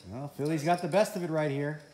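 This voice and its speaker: A man's voice: fairly high pitch, quick pace, a crowd in the background. Chatty man muttering through a casual vlog. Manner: chatty, laughs often, mutters to himself. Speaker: vlogger. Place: home indoors.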